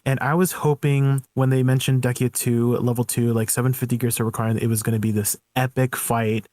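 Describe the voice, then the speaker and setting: A man's voice: mid-range voice, flat delivery, fairly quick, a little mellow, no echo. A man co-hosting a gaming podcast, giving long rambling explanations in casual chat. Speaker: podcast co-host.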